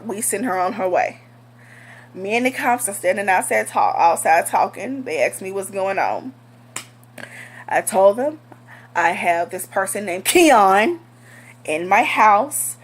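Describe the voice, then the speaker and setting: A young woman telling a storytime vlog in a blunt, heated, profane way. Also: medium pitch. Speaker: vlogger.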